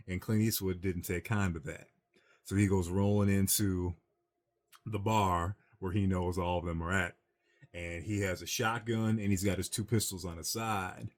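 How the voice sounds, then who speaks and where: Deep-voiced man retelling a film. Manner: rambling storyteller, acts out quotes in a low voice. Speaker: podcast co-host. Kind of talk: casual chat retelling a film.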